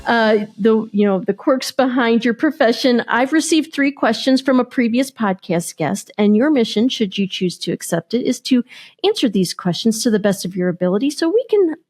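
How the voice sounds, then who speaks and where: This woman hosts a podcast in a bright, upbeat manner, moving through a scripted segment intro with playful energy. Her voice sits slightly above the usual pitch for a woman. She keeps her guest going with quick, encouraging replies. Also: animated. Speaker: podcast host.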